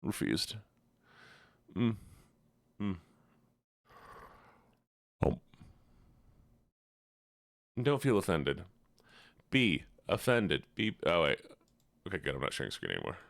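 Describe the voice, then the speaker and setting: A man's voice: low-pitched, sing-song, slow pace, vocal fry, pauses often, fairly bright tone, no echo. A man streaming live, chatting casually with his audience in a playful, teasing way full of mock outrage.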